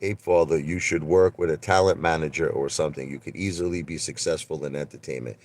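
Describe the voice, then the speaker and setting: A man chatting casually on a live stream, rambling and animated as he tells stories. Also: very deep voice, brisk. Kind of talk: rambling casual livestream chat.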